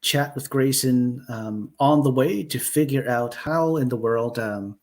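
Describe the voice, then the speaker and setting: Slow, hesitant male storyteller. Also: mid-range voice. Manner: slow, hesitant, many fillers. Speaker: storyteller leading the session. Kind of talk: improvised collaborative storytelling.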